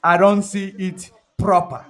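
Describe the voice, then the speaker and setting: A man's voice: high-pitched, level tone, measured pace. A man giving a political commentary vlog, emphatic and repetitive, full of "you know" fillers. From Nigeria. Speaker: political blogger.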